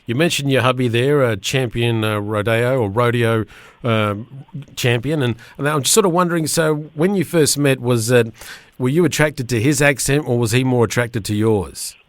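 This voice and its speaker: A man interviewing a guest, halting and repeating words as he talks. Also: medium pitch, no room sound. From Australia. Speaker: radio interviewer.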